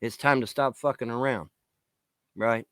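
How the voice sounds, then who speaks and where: A man ranting at the camera in a vlog, swearing constantly, taunting his critics and shouting in bursts. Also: medium pitch, steady tone, measured pace, dry recording. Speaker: vlogger. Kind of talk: angry profane rant to camera.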